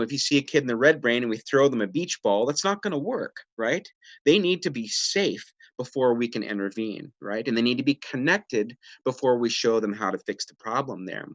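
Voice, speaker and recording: A man presenting a parenting webinar in a relaxed, conversational way, often checking in with "right?" and acting out what people say. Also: medium pitch, no room sound, lo-fi sound. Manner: conversational, frequent "right?" and fillers, acts out quoted lines. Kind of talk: casual explanatory teaching. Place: home or office, video webinar.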